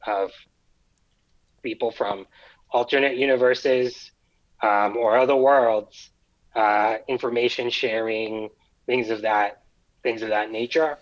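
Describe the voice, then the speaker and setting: Slow, deliberate man in a tabletop game. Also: mid-range voice, steady tone, muffled recording. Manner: deliberate, hesitant with fillers. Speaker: player. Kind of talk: in-character play in a tabletop game.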